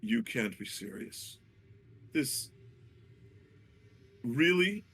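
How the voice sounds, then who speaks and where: A man's voice: on the high side, sing-song, fairly bright tone, slightly rough, voice pushed up, full character voice. A man voicing a stern prison captain. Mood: indignant. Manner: commanding, brisk orders.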